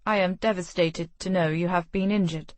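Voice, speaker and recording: A woman voicing a composed young lord who speaks with measured, dry courtesy in an audiobook. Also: fairly low pitch, fairly even intonation, no room sound, close to an everyday voice. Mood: wry.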